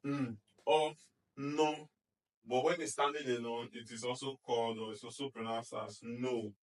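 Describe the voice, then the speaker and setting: A man's voice: mid-range voice, fairly even intonation, a little fast, far from the mic, rough recording. A male reading teacher giving a phonics lesson, sounding out letter blends and praising often, checking in with "okay?" and "do you understand?".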